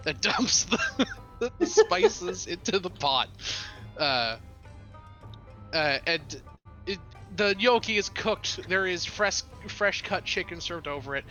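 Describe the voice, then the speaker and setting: A man's voice: a little high, very animated, takes it slowly, bright, forceful tone, muffled recording, soft background music. A man narrating as game master of a tabletop game, chatty and loose, often stopping to restart a phrase. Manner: chatty, many fillers and restarts while narrating.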